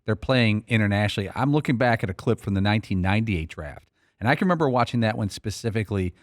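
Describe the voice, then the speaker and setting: Low-voiced man on sports radio. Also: animated, quick pace, no echo, studio quality. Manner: casual, reminiscing. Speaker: radio show producer. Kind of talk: sports talk radio chat. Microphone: studio microphone.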